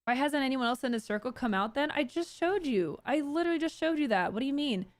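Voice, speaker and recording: During a casual livestream, a female streamer reads tweets out loud and tears into them, addressing her chat quickly and with animation. Her voice sits high, and there's no echo.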